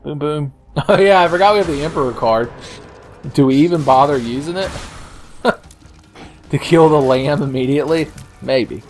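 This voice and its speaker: A man's voice: medium pitch, expressive, moderate pace, pauses often, faint music behind. A man giving joking, rambling commentary as he plays a video game, cursing freely. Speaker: let's play host. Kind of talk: gameplay commentary.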